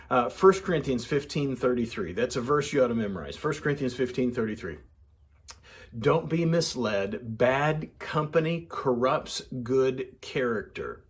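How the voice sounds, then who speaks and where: Older man, mid-pitched, earnest mentor, advice to teens. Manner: earnest, repeats himself, quotes others in changed voices. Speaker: youth mentor.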